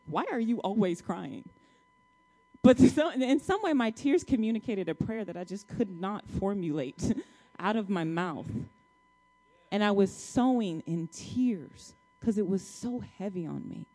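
A woman's voice: mid-range voice, lively intonation, measured pace, dark tone. Woman preaching her testimony, emphatic and chatty, mid-range voice, talks right to the church. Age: adult, married, child-bearing years. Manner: emphatic, colloquial, addresses the congregation directly. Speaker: church speaker sharing a testimony. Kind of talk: testimony sermon, storytelling.

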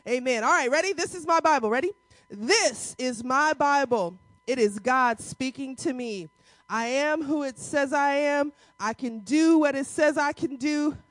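High-voiced woman preaching a sermon. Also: unhurried, dry recording. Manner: rousing call-and-response preaching, drops to soft intimate tones. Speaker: pastor. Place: church sanctuary.

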